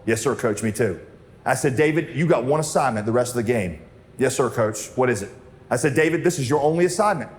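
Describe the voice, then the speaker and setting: A man preaching a sermon, telling a story with lively acted-out dialogue that sometimes rises to near shouting. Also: mid-range voice, fast talker, in a large hall. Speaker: pastor.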